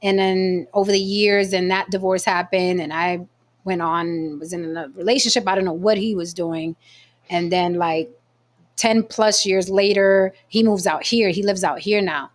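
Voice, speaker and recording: A woman hosting a casual chat show, telling a story in a blunt, profane, animated way. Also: mid-range voice, normal speed. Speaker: podcast host.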